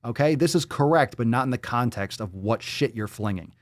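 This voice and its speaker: A man's voice: medium pitch, animated, brisk, no echo. A man hosting a live stream, ranting profanely and mocking what he reads aloud. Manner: hypes the audience with shouted calls. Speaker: show host.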